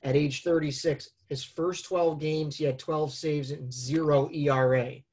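A man's voice: fairly high pitch, fairly even intonation, a little slow, a little mellow, breathy edge. A man as guest expert, casually reading off facts and numbers. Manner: informative, reads off statistics. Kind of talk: casual chat.

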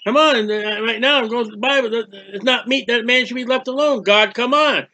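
A man's voice: very high-pitched, steady tone, quick pace, bright, forceful tone. A man giving a conversational Bible teaching, emphatic and acting out quoted prayers and speeches.

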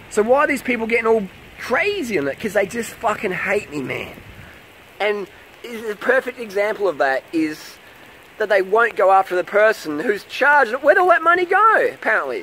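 A man's voice: high-pitched, fairly bright tone, a little hiss or hum, low-quality recording. A man, ranting defensively to camera in a vlog, swearing and repeating himself in a heated way. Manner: profane, heated, repeating questions. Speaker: vlogger.

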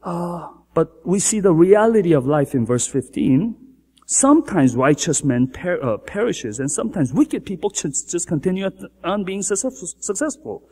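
A man's voice: high-pitched, very animated, normal speed, warm tone, breathy edge, big-room sound. A man, a pastor, preaching a sermon with emphatic, repetitive delivery that builds in intensity.

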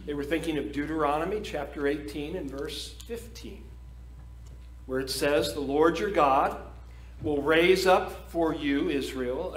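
Slow, emphatic male preacher in an echoey church. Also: fairly high pitch. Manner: emphatic preaching, reading scripture aloud. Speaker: pastor. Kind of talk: sermon. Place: church sanctuary.

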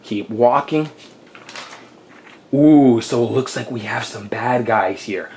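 A man with a mid-range voice talks viewers through a game, step by step. He keeps his commentary chatty and casual, with friendly asides and quick apologies for his mistakes. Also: mid-range voice, darkish tone, a little hiss or hum. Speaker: gameplay host.

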